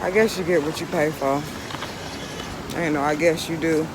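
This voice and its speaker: A woman's voice: low voice, steady tone, normal speed. A woman vlogging outdoors on city streets, frank and irritated, hot and out of breath from walking. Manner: frank, irritated venting, then motivational. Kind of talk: casual vlog talk to camera. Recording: street noise under the voice. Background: street and traffic noise.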